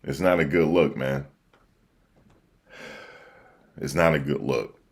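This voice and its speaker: Reacting to election news on a relaxed livestream, an East Coast man talks in slangy, repetitive chatter. His pitch is extremely low, his pace moderate, and he uses a desk microphone.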